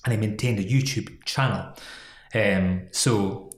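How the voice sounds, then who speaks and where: A man's voice: fairly low pitch, unhurried, reverberant. A man co-hosting a casual chat about an employment law case, teasing his partner and laughing often. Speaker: podcast co-host.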